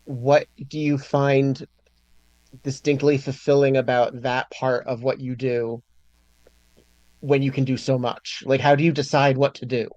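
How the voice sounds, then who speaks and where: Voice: medium pitch, level tone, unhurried, darkish tone, no echo, highs cut off. A podcast host asking questions in a casual interview chat, drawing the questions out.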